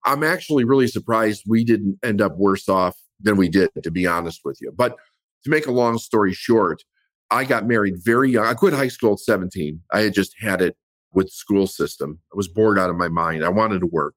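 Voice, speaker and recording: A middle-aged man with a lowish voice recounts his past in a candid, reflective way. The recording is close and dry, with no room sound around him. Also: fairly quick, fairly bright tone, no room sound. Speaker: business coach guest. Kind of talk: personal storytelling in an interview.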